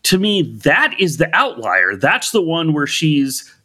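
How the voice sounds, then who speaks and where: A man's voice: on the high side, wildly swooping pitch, a little slow, pushed and bright. A man co-hosting a podcast, arguing his side in a casual debate, hedging often and using lots of "like" fillers. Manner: hedging, argumentative, many "like" fillers. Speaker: podcast co-host.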